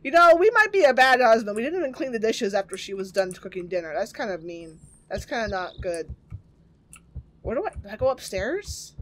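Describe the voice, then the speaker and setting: A woman's voice: on the high side, very animated, brisk, fairly bright tone. A woman playing a horror game and commenting casually, chatty and reactive, with jokes and swearing. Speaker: game streamer. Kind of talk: let's play commentary.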